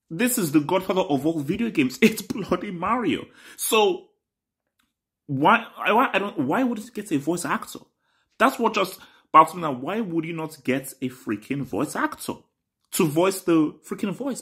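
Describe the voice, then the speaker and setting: A man's voice: mid-range voice, fairly bright tone. A man giving an indignant, emphatic commentary rant in a casual vlog.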